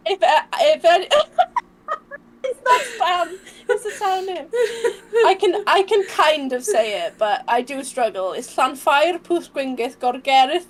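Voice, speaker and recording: Casting: high-voiced woman from wales, giggly co-host, casual stream chat. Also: big pitch swings, slow. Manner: giggly, laughs often.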